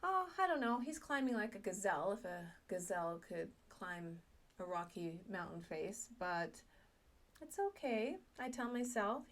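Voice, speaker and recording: A middle-aged woman telling a personal story, self-mocking and animated, acting out her own thoughts. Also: fairly high pitch, measured pace. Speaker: speaker sharing a personal story.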